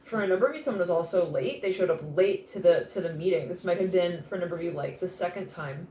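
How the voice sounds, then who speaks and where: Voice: medium pitch, quick pace, warm tone. Live tarot reader with a rambling, laugh-filled delivery, recorded in a roomy space with faint noise. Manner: rambling, chatty, laughs often, restarts mid-thought. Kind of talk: live intuitive tarot reading.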